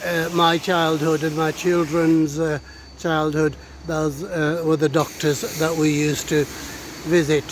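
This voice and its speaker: A middle-aged man talks his way down a street, slowly and out of breath, with a fairly high voice. He stops often on "uh" and speaks straight to his viewers. Faint traffic hums behind him outdoors. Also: flat delivery. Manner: hesitant, many "uh" fillers, addresses viewers. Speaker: vlogger giving a local tour. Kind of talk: casual walking commentary.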